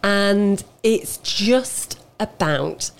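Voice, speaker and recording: A woman's voice: medium pitch, expressive, extremely slow, creaky, a little hiss or hum. A woman presenting a casual chat about cookbooks, agreeable and easygoing. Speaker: radio presenter.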